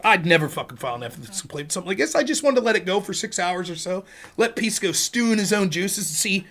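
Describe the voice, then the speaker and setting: A man's voice: very high voice, a bit bright. A man hosting a livestream, ranting in a sarcastic, profane way. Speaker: streamer host.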